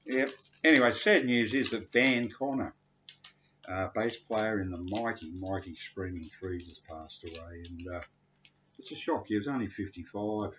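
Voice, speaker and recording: Casting: low-voiced man, a bit drunk, crude rambling monologue, dull lo-fi sound. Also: moderate pace, fairly bright tone, slight background noise. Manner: crude, rambling, cursing freely. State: tipsy.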